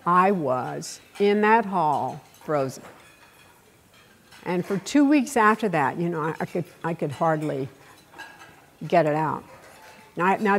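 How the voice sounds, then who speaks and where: An older woman with a Texas accent delivers a keynote speech. She tells stories bluntly, with salty language and dramatic pauses. Her voice sits fairly low. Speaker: keynote speaker.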